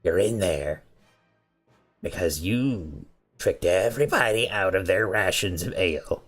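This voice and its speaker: Mocking goblin guard, played by a man: deep and slow-drawling. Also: a bit bright, husky, soft background music, full character voice. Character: taunting male goblin jailer, sneering.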